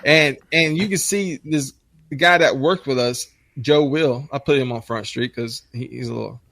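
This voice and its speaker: Guy, casual podcast guest, cussing and rambling, pitch climbs when riled, dry close mic. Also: moderate pace, creaky, fairly bright tone, dry recording. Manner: profane, rambling, voice jumps way up when worked up.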